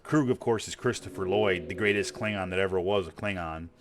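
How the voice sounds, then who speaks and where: Gamer streamer, man in his forties, low voice, swears freely, wanders off topic. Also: fairly quick. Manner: blunt, profane, rambling. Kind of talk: casual chat while gaming.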